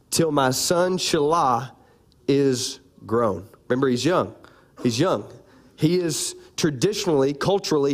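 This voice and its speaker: A man preaching a sermon, animated and playful, calling out to his congregation. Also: mid-range voice. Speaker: pastor.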